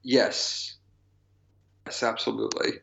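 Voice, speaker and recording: A man's voice: medium pitch, little pitch movement, slow, creaky, fairly bright tone. A man co-hosting a podcast in casual chat, enthusiastic and laughing between phrases. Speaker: podcast co-host. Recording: slightly dull lo-fi mic.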